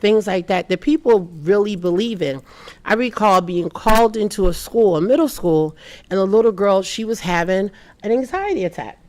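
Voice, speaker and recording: A woman speaks as a panelist in a slightly low voice. She is earnest and keeps the talk moving by voicing the people in her stories, and she restarts and repeats words often. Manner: earnest, acts out quoted people in lively voices. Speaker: panelist on immigrant mental health.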